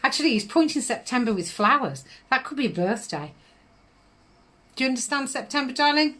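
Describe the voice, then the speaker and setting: A woman's voice: high voice, very animated, brisk, a bit bright. A middle-aged woman, giving psychic readings on a live stream in a chatty manner, laughing often and calling viewers darling.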